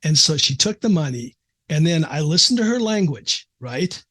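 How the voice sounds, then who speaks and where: Husky-voiced man telling a story. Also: fairly high pitch, big pitch swings, normal speed, bright, forceful tone. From American Midwest. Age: middle-aged. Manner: earnest, emotional storyteller, frequent restarts. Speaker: psychiatrist guest. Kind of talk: casual interview storytelling.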